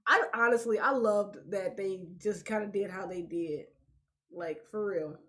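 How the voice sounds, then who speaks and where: A young woman co-hosting a casual podcast chat, animated and full of "like" fillers, laughing often. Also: mid-range voice, unhurried. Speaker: podcast co-host.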